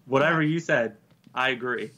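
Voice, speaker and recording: Laid-back bright-voiced man. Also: medium pitch, moderate pace. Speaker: guest. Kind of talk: casual chat.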